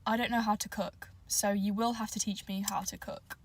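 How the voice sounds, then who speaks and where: A woman's voice: medium pitch, flat delivery, moderate pace, a crowd in the background. A British woman delivering a playful, mock-earnest comedic monologue to camera.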